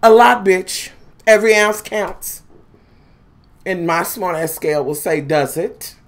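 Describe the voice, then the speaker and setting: A woman's voice: mid-range voice, unhurried. A woman vlogger, talking casually and dramatically to viewers, full of cursing. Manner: profane, dramatic, animated storytelling.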